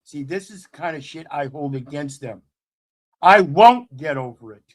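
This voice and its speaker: A man's voice: fairly high pitch, lively intonation, normal speed. A man giving impassioned commentary as host, fiery, preachy and profane.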